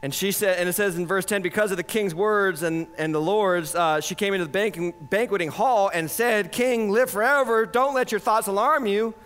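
A man preaching with a high-pitched voice. He is animated, rising to loud points and falling to hushed lines, and slips into mocking quoted voices to make his point. It sounds like a pastor in full flow of a sermon. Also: normal speed, hardly any pauses, smooth. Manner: acts out quoted voices for effect.

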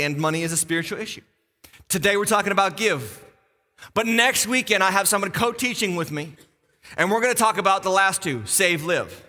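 Bright-voiced middle-aged man preaching. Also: sits high. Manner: animated, joking, repeats key phrases. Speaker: lead pastor. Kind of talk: sermon. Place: church auditorium. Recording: long church reverb.

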